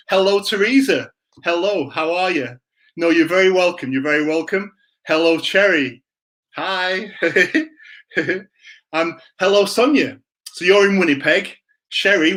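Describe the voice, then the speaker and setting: A man's voice: fairly high pitch, fairly bright tone. Upbeat man hosting a live stream. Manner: upbeat, greets viewers by name. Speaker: livestream host.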